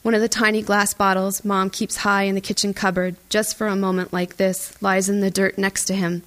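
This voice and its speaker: A woman reading a first-person audiobook in a tense, even storytelling voice. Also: medium pitch, a little fast. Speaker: audiobook narrator. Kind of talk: first-person scripted narration.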